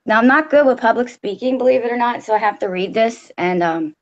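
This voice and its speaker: A woman's voice: on the high side, a little fast, highs cut off. Blunt woman reading a story aloud. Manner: casual, blunt, swears freely. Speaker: co-host storyteller.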